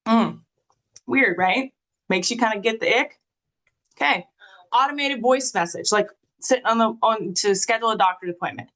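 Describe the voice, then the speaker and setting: A woman's voice: medium pitch, moderate pace, a bit bright, poor audio. An upbeat woman leads a live marketing training and talks to her class in a casual way. She often drops into a sing-song voice to read out sample messages.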